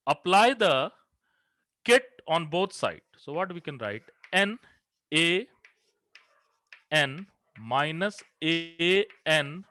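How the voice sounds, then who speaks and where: This male physics lecturer has a fairly high, bright and forceful voice. Teaching a classroom, he goes through equations one step at a time and raises questions for the class that he answers on his own.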